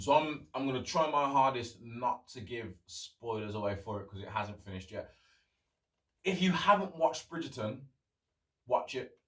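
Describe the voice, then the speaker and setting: A man's voice: medium pitch, fairly bright tone, distant mic. Solo podcast host, young man, chatty and loose with swears, sits back from the mic in a roomy space. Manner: rambling, chatty, swears freely. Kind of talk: casual solo podcast chat.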